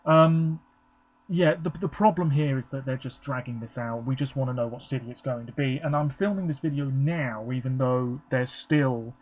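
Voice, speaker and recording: Heard through a muffled recording, an English man does casual live reaction commentary for his vlog, chatting and rambling with frequent ums. His pitch is medium and his speed normal.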